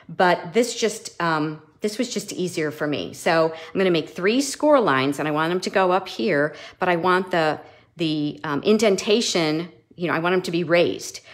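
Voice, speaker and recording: Low-voiced woman teaching a craft. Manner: chatty, restarts often, thinks aloud while working. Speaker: papercraft instructor. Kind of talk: casual craft tutorial.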